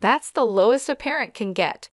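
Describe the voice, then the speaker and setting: A woman's voice: a little high, animated, normal speed, dry recording, clean studio sound, close to an everyday voice. A woman reading the lines of a spoiled, self-pitying young woman in a drama story. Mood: self-righteous.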